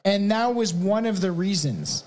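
A man co-hosting a podcast reads folklore notes in a casual, rambling chat, laughing often and restarting his sentences frequently. His voice sits high and is a little mellow, with lively intonation and an unhurried pace.

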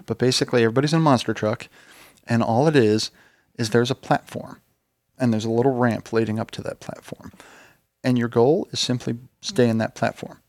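A man's voice: mid-range voice, steady tone, fairly quick, a little mellow, dry recording, studio quality. A man co-hosting a gaming podcast, chatting casually and telling rambling stories with the odd swear word. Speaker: podcast co-host. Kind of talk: casual chat.

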